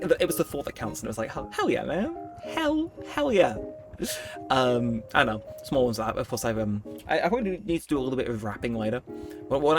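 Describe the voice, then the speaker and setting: A young man talks his way through a video game in a loose, rambling, self-mocking way, often laughing at himself. His voice sits in an everyday middle register. Soft game music plays faintly behind him. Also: mid-range voice. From United Kingdom. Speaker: let's play host. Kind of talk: casual gameplay commentary.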